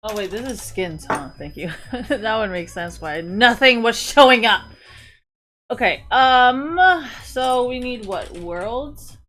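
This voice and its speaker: A woman's voice: fairly high pitch, expressive, slow, background noise. A young woman streamer chatting casually, ranting with frequent swearing and lots of filler words. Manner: profane, exasperated ranting with repeated fillers. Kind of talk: casual chat while browsing online.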